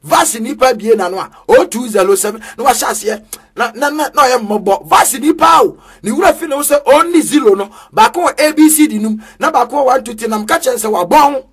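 A man with a Ghanaian accent preaching a sermon in a sing-song cadence with sudden shouts. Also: very high voice, lively intonation, quick pace, husky, soft background music.

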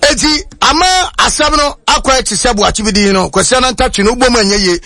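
Raspy high-voiced man presenting sport. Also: brisk, sharp tone. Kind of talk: radio sports segment with sponsor reads.

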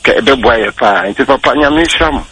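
A man's voice: medium pitch, fairly quick, pushed and bright, breathy edge, rough recording. A man calling in to a radio show, speaking earnestly and blessing the host. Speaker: caller. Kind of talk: call-in radio chat.

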